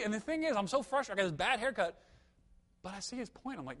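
A man's voice: high-pitched, sing-song, quick pace. Conversational young man preaching a sermon. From United States. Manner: conversational, storytelling with humor and emphatic peaks.

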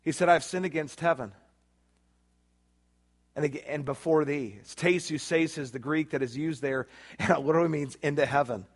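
A man's voice: a little high, normal speed, long pauses. A man preaching a sermon, emphatic, acting out quoted prayers in a rising voice. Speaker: pastor.

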